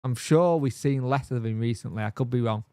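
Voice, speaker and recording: A man's voice: mid-range voice, brisk, dark tone, clean tone, no room sound, studio quality. A man hosting a football fan channel, chatting casually on a live stream and thinking aloud with lots of fillers.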